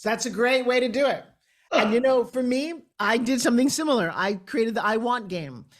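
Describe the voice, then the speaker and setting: A woman's voice: a little high, moderate pace. A middle-aged woman hosting an interview, chatting and telling her own family stories. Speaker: host. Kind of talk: casual interview chat.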